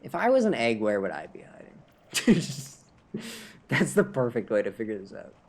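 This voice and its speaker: A man's voice: medium pitch, very animated, normal speed, vocal fry. A man with a Canadian accent, a little drunk, talking to himself in casual gameplay livestream chatter, rambling and chuckling at his own jokes. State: tipsy from drinking. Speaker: streamer.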